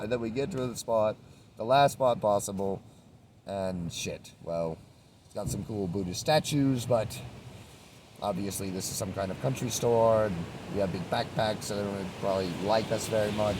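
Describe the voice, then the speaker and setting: Rambling low-voiced man outdoors. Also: normal speed, background noise. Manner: rambling, laid-back, swears casually. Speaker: traveling vlogger. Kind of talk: rambling spiritual monologue. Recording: outdoor street recording from a distance.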